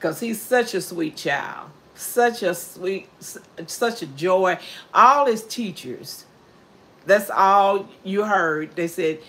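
A woman's voice: lowish voice, fairly bright tone, a little hiss or hum. An older woman chatting casually on her cooking livestream, heartfelt and reading out viewer comments. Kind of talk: casual chat.

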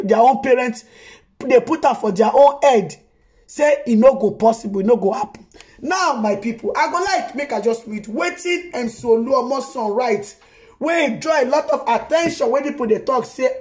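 A woman's voice: sits high, normal speed, darkish tone. A woman with a Nigerian Pidgin accent hosting a news vlog, chatting casually and tagging her phrases with exclamations. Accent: Nigerian Pidgin English. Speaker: vlog host reacting to news.

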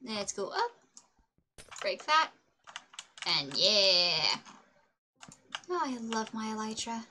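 A woman's voice: on the high side, big pitch swings, takes it slowly, sharp tone, a little hiss or hum. A woman streamer chatting casually while she plays, bubbly and self-mocking, humming sing-song nonsense sounds to herself. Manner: self-mocking, giggly asides. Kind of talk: casual gaming livestream chatter.

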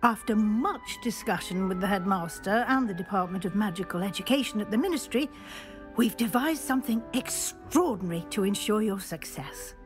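An actress playing a brisk, practical professor who gives firm instructions to a new student. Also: female voice, mid-range voice, lively intonation, over music, lightly acted. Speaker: game character.

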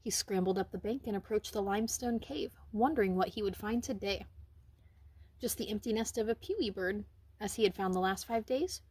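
Woman reading a picture book to children, husky tone and dry sound, gentle and expressive. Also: mid-range voice, fairly quick, no echo. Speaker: reader. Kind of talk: children's book read-aloud.

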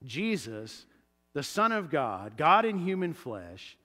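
Man, pastor, sermon, fairly high voice, church hall reverb. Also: a little slow. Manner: animated, acts out quoted voices loudly. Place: church sanctuary.

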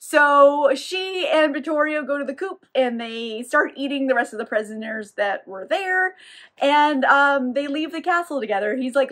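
Woman, high voice, casual book recap, wry, sarcastic, swearing. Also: lively intonation, moderate pace, fairly bright tone. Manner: wry, swearing, laughing asides. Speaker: book reviewer.

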